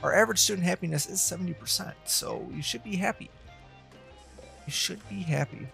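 A man's voice: high-pitched, lively intonation, fairly quick, creaky, sharp tone, faint music behind. A man giving casual gameplay commentary, thinking aloud and talking to the characters on screen. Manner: thinking aloud, chatting to the game's students. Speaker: let's play host.

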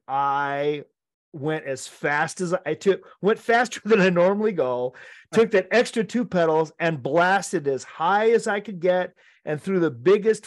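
Lively man telling a story, dry sound. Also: a little high, no room sound. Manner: animated, laughs often, acts out quotes. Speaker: podcast co-host telling a story. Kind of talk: casual storytelling among friends.

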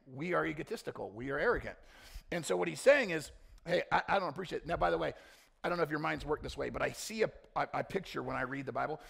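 A male pastor preaching a blunt sermon, dropping to quiet intensity and then rising into loud, mocking quoted voices. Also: mid-range voice, creaky, breathy edge.

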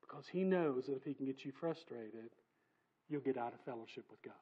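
A man preaching a sermon in a church, emphatic and conversational, swinging from loud passages to soft asides. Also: medium pitch, fairly quick, husky, muffled recording. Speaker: pastor. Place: church sanctuary.

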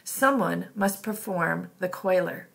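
A woman reading as a hushed, stern warrior commander. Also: on the low side, slow, gravelly, full character voice.

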